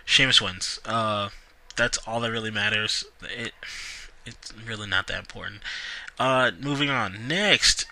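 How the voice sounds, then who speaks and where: A young man reviews a wrestling show in a casual, ranting monologue. His voice is sharp and intense, with a dry, sore edge. He brushes topics off sardonically. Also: on the low side, measured pace, gravelly, poor audio. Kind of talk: casual solo review vlog.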